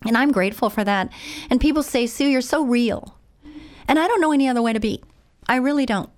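A woman's voice: on the high side, brisk. A woman preaching a sermon in an emotional, heartfelt way, repeating words for emphasis.

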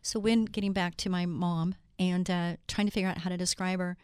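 Earnest middle-aged woman, smooth voice. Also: on the low side, level tone, fairly quick, darkish tone, no room sound, clean studio sound. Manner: earnest and heartfelt, addresses listeners directly. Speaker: Christian speaker. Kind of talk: devotional talk with scripture readings.

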